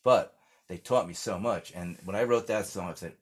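Brief: older American man, lowish voice, loose rambling storyteller, interview guest. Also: normal speed, breathy edge. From United States. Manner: rambling storyteller, many restarts and fillers. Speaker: singer-songwriter guest. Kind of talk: casual interview chat.

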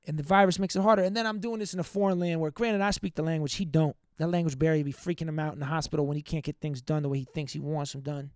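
A young man with a fairly high voice hosts his own podcast and rambles through a profane, heartfelt rant. The sound is dry and close to the mic, with no room around it. He talks casually and now and then breaks off to greet listeners by name. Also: fairly even intonation, fast talker, hardly any pauses, a little mellow, clean tone, dry recording. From United States. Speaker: podcast host. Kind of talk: casual venting monologue.

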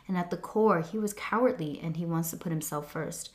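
A woman giving a scripted devotional reflection in an earnest, measured, reflective way. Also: on the low side. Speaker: devotional speaker.

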